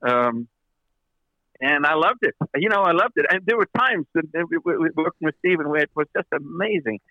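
A man's voice: on the high side, animated, brisk, pushed and bright, dry recording, dull audio. A man, a record producer as an interview guest, telling long anecdotes with many fillers and restarts. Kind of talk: interview storytelling.

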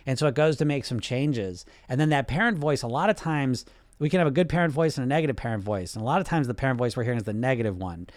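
Man, weight loss coach, teaching talk, conversational, tag questions, mid-pitched, dry close sound. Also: fast, dry recording. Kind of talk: instructional talk.

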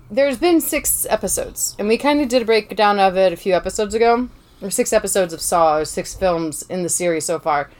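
A young woman co-hosting a casual movie podcast from her bedroom, chatty and quick to laugh, often sidetracked by her cat. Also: medium pitch, darkish tone. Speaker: podcast co-host. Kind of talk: casual chat about movies. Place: bedroom at home. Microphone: podcast microphone.

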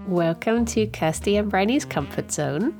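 A woman co-hosting a casual podcast chat, playful and quick to laugh. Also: mid-range voice, faint music behind. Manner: giggly, laughs often, animated and playful. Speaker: podcast co-host.

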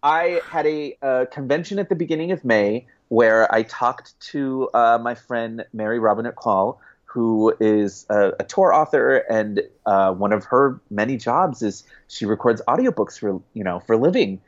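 A man, a guest author, chatting casually in an interview, rambling with restarts and quick laughs. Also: mid-range voice. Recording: dull lo-fi sound.

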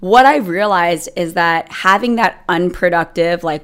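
A woman's voice: on the low side, unhurried, hardly any pauses, a bit bright, smooth. A young adult woman hosting her own podcast, telling a personal story in a chatty, rambling way with many fillers. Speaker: podcast host. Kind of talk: casual solo podcast monologue.

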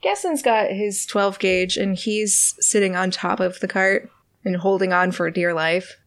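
Woman game master, middle pitch, a gravelly edge, easy unhurried narration. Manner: relaxed, hesitant with ums.

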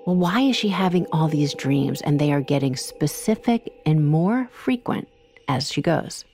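True crime co-host, very low female voice, measured explainer, faint music bed. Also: lively intonation, darkish tone. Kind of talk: conversational true crime narration.

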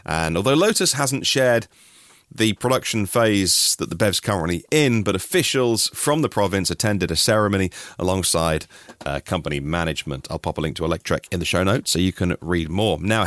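A man's voice: lowish voice, a bit bright, no room sound, clean studio sound. A middle-aged man from Norfolk, hosting a daily news podcast in a chatty way with personal asides. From Norfolk, England. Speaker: podcast host.

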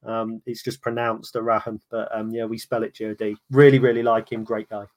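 A man's voice: lowish voice, little pitch movement, fairly quick, darkish tone. A man talking as a guest on a casual podcast, chatty and full of restarts. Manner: chatty, many restarts, laughs easily. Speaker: podcast guest, fan of the opposing club.

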